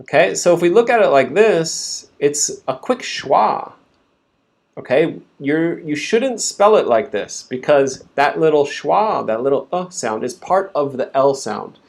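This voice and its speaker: A man's voice: fairly high pitch, lively intonation, unhurried, creaky. A man teaching English pronunciation in a live stream, patiently breaking words into sounds and repeating them for learners to copy.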